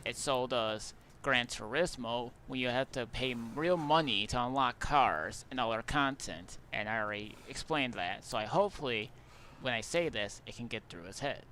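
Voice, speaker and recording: A man's voice: mid-range voice, normal speed, bright, forceful tone, a little hiss or hum. A man giving argumentative video commentary, arguing indignantly about game microtransactions. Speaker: YouTuber in a clip being reacted to.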